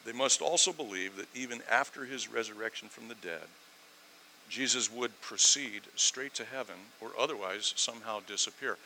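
Bright-voiced animated male preacher. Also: moderate pace, slight background noise, rough recording. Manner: animated, swings from loud emphasis to low asides; sarcastic rhetorical questions. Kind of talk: sermon.

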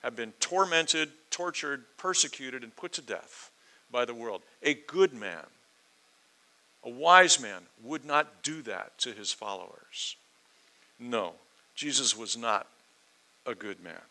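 Male preacher, bright forceful tone, earnest and emphatic verse-by-verse sermon delivery. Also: medium pitch, lively intonation, slow, low-quality recording. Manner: earnest, emphatic, with rising intensity and quoted questions.

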